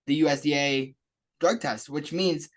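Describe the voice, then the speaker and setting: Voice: medium pitch, a little slow. A podcast co-host in casual chat, upbeat and joking while plugging the show. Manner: upbeat, jokey, plugs the show.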